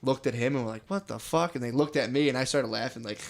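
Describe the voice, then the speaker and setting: A young man co-hosts a comedy podcast in a mid-range voice, talking rapid-fire with fairly even intonation. He tells rambling, swear-filled stories and keeps saying "dude" in this casual chat.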